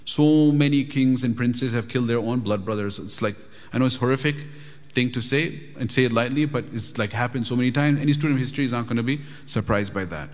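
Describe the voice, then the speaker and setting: A male religious teacher telling a story in a lively, chatty way in a mosque, often asking the audience "right?". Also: medium pitch, quick pace. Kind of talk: storytelling lecture. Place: mosque hall. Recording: reverberant mosque hall.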